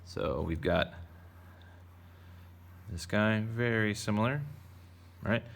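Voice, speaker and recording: Speaking slowly, a man with a fairly low, fairly bright voice and some vocal fry leads a relaxed drawing lesson for children. The art teacher keeps it playful and chatty, describing each step as he goes.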